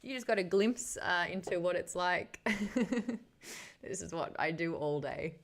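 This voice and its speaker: A woman's voice: on the low side, animated, measured pace. A young Australian woman streaming live, chatting casually and reading her viewers' comments aloud in a bubbly way that breaks into laughs easily.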